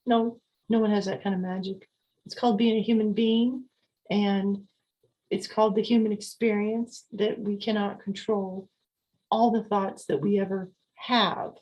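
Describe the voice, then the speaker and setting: A woman hosting a podcast, talking calmly and repetitively as she coaches listeners on slowing down and mindfulness. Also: mid-range voice, low-quality recording. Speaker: podcast host. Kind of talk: calm podcast talk on sleep and mindfulness.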